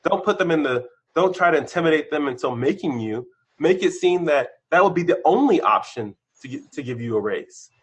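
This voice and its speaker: A man, a guest on a podcast, telling candid stories about his career, his voice shooting up when excited and dropping low when reflective. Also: brisk, husky. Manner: animated storyteller, bursts of excitement, then drops low. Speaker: podcast guest, senior engineer. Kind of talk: candid conversational interview.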